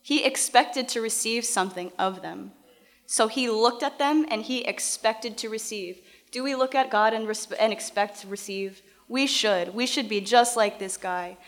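A woman's voice: on the high side, moderate pace. A woman teaching from the Bible, reading verses aloud and then explaining them in a casual, conversational way.

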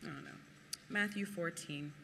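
A preacher giving a sermon and reading scripture aloud. The preacher talks in an animated way, laughs often, and acts out quotes in other voices. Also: medium pitch, normal speed, vocal fry, big-room sound, a little hiss or hum.

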